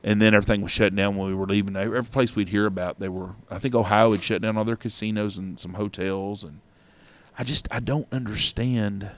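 A man's voice: lowish voice, fairly even intonation, fairly quick, dry recording. A middle-aged man, a podcast co-host, rambling through stories in casual chat and swearing freely.

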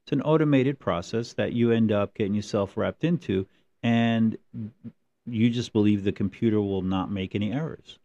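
Low, mellow-voiced man chatting casually. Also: moderate pace, muffled recording. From New Jersey. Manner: rambling, animated storytelling with mimicked voices. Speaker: podcast co-host. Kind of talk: casual chat.

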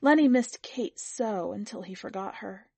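A woman's voice: mid-range voice, lively intonation, moderate pace, vocal fry, a little mellow, breathy edge, no room sound. A woman reader voicing a proud, tender young mother.

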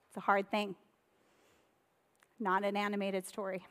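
A woman pastor delivering a sermon in a conversational, storytelling way, with lively retellings of Bible stories. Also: medium pitch, moderate pace, long pauses, clear, resonant tone, big-room sound.

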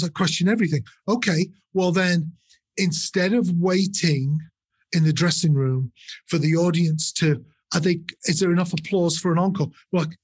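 Older northern English-born male guest, husky, dry close mic, animated and foul-mouthed storyteller. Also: sits high, dry recording. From north of England. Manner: animated, swears a lot, acts out other people's voices. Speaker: guest, drummer. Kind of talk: casual interview storytelling.

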